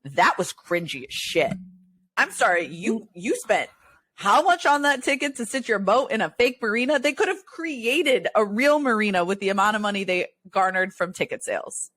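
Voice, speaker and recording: Animated, giggly woman co-hosting a podcast. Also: medium pitch, normal speed. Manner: animated, laughs a lot, wheezing with laughter. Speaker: podcast co-host. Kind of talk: casual chat.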